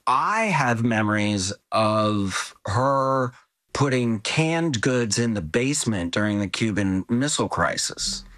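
A man's voice: mid-range voice, animated, takes it slowly, fairly bright tone. An older man telling family stories in a reflective, rambling way, full of asides and restarts. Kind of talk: reflective conversational storytelling.

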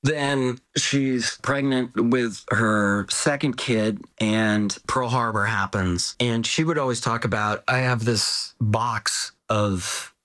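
A man's voice: medium pitch, takes it slowly, few pauses, a bit bright. An older man telling family stories in a reflective, rambling way, full of asides and restarts. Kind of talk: reflective conversational storytelling.

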